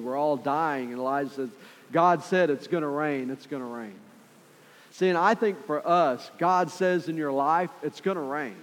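A man preaching a sermon with passion, repeating phrases for emphasis and acting out voices from the story. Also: on the high side. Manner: impassioned, repetitive, acts out quoted voices. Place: church sanctuary. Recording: reverberant hall with faint music.

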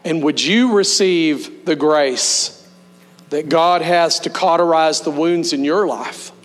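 A man pastor delivering a sermon, leading the congregation in slow, emphatic call-and-response. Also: on the high side. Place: church sanctuary. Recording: long hall reverb with mains hum.

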